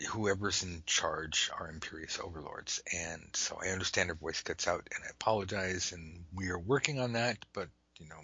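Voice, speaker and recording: Male podcast host, low husky voice, dry close sound, animated with whispered asides. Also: no room sound. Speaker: podcast host and tarot teacher. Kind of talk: ranting podcast talk. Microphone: internet call microphone.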